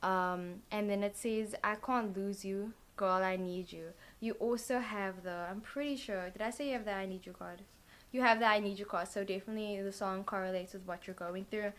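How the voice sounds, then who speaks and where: A woman's voice: mid-range voice, fairly even intonation, a little fast. Young female vlogger, tired, chatty tarot reader who rambles and leans on filler words. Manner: rambling, full of "like" and "literally" fillers. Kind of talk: casual chatty tarot reading.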